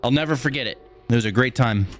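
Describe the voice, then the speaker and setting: Over soft background music, a man with a medium-pitched voice talks quickly while hosting a live stream. He casually answers his chat, laid-back and laughing easily.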